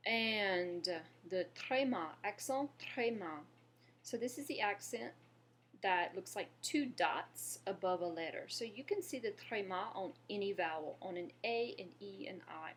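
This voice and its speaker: A woman giving an online French lesson, patiently modeling words and pausing for the listener to repeat them. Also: on the low side, a little hiss or hum. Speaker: French teacher.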